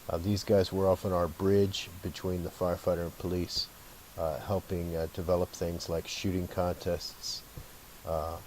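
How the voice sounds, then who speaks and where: A man, a former fire lieutenant, telling stories from the firehouse in a relaxed, reminiscing way with an occasional chuckle. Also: low voice, a little hiss or hum, low-quality recording. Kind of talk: casual spoken storytelling.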